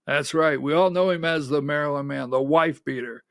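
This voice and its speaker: Brief: male talk-show host, high voice, unhurried, sarcastic and emphatic, dry close sound. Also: gravelly, a bit bright, dry recording. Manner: sarcastic, emphatic, directs a producer. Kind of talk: conservative political commentary.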